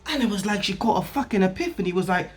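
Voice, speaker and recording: Young guy ranting a storytime, high voice swinging all over, bright and punchy, acting out both sides. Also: very fast. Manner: loud, animated and crude, acting out both sides of an argument. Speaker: vlogger telling a story. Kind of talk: storytime rant to camera.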